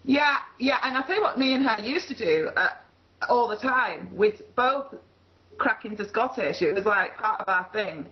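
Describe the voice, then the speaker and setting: Chatting casually on a video call, a woman from the Leeds area of England speaks with a Yorkshire accent, rambling along and laughing easily. Her voice is a little high and expressive, at a normal speed. The recording sounds muffled.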